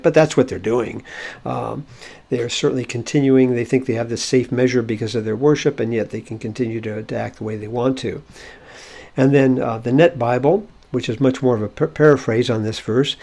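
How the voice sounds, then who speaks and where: Male Bible-language teacher with a gravelly edge, talking through a verse in an unhurried, explanatory way. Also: mid-range voice, fairly even intonation, darkish tone. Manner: explanatory, thinking aloud with fillers. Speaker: Hebrew teacher.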